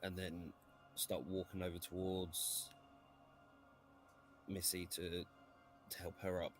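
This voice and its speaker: A male player quickly laying out what his character does next. His voice sits low, and his delivery is plain and businesslike. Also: level tone, faint music behind. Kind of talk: casual tabletop play.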